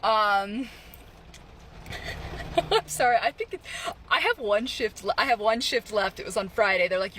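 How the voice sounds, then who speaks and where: A man telling a casual storytime vlog with animated, laughing delivery and some swearing. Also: sits high, a little slow, pauses often, slight background noise. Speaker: content creator.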